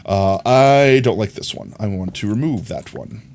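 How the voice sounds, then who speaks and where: A man's voice: on the low side, lively intonation, moderate pace, a little mellow. A man streaming a game, chatting casually and telling a long rambling story with many fillers. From New York. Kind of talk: casual chat while gaming.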